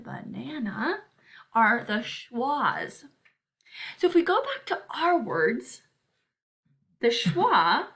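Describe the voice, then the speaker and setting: Woman teacher, recorded lesson; unhurried delivery, bright clear tone. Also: medium pitch. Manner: slow, clear, deliberate teacher talk.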